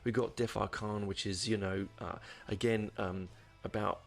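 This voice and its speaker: A man with a low, gravelly voice hosts a podcast and talks his way through an album review. He rambles, full of ums and restarts. Faint music sits underneath. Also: fairly even intonation, moderate pace. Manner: rambling, many fillers and restarts. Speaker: podcast host. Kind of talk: casual album review monologue.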